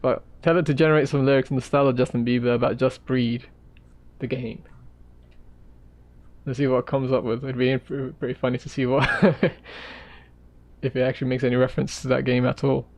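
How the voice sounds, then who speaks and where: Sketching on a live stream, this man talks casually and rambles, sometimes trailing off into mutters while he draws. His mid-range, darkish voice stays level and fairly quick, with frequent pauses.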